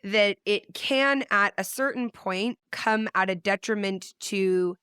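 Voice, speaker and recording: A woman's voice: mid-range voice, slow pace, bright, forceful tone, smooth, dry recording, studio quality. A woman hosting a podcast interview, asking thoughtful, searching questions that circle and restart. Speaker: podcast host. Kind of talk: heartfelt interview conversation.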